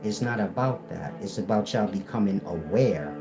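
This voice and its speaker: A man's voice: on the low side, animated, normal speed, low-quality recording. Confrontational man lecturing over music. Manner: confrontational, lecturing, repetitive rhetorical questions. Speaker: spiritual teacher. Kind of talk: preaching monologue. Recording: music playing behind the voice.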